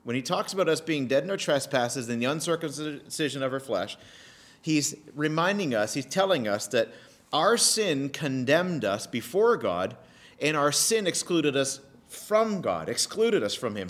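A man delivers a sermon with a slightly high voice that rises and falls in wide swings. He leans on key phrases, repeats them and pauses for weight, speaking like a pastor addressing his congregation. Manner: animated, emphatic preaching with pauses and repetition.

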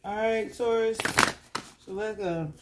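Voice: medium pitch, slow pace, very noisy. A tarot reader giving a casual spoken reading, talking in a loose, repetitive and coaxing way.

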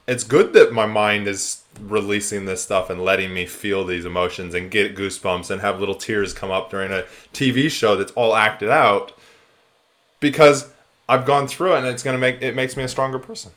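A man hosting a casual podcast conversation, speaking with animated enthusiasm and acting out the dialogue he quotes. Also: lowish voice. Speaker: podcast host.

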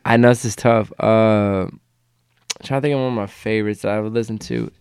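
A man's voice: on the low side, steady tone, normal speed, darkish tone, smooth, dry recording, studio quality. A man chatting casually as a podcast guest, laid-back and profane, with lots of fillers and restarts. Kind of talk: casual chat.

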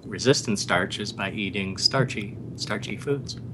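A man speaking as a podcast guest in a measured, somewhat hesitant way, in casual chat. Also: lowish voice, noisy background.

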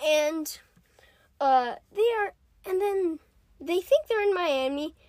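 High-voiced giggly woman podcaster. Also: animated, slow, a little mellow, no echo, clean studio sound. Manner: chatty, giggly, lots of fillers. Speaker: podcast co-host. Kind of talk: casual podcast recap.

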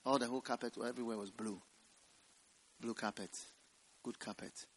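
A man preaching a revival sermon in church, swinging from loud, drawn-out scripture quotes to quiet, hushed asides. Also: medium pitch, fairly even intonation, slight background noise. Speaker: pastor.

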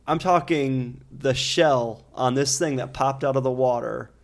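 Gravelly-voiced man in casual chat. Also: medium pitch, a little slow. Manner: storytelling, animated when telling anecdotes.

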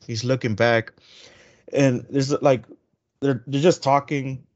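A man co-hosting a podcast, talking in a loose, rambling way full of fillers and restarts. His voice sits at an ordinary middle pitch. The recording sounds a little dull and lo-fi. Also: fairly even intonation, slow pace. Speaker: podcast co-host. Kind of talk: casual chat. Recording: dull lo-fi audio.

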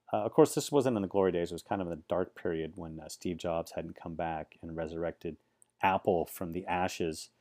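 A man's voice: low voice, mellow. A man, giving chatty, sarcastic vlog commentary full of rambling asides. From Silicon Valley, USA. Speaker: vlogger.

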